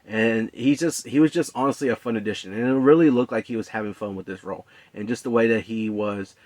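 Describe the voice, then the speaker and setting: A man with a fairly low voice gives a relaxed, unscripted movie review. He rambles, with plenty of fillers and restarts. The sound is close and dry, with no room echo. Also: fast talker. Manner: relaxed, conversational.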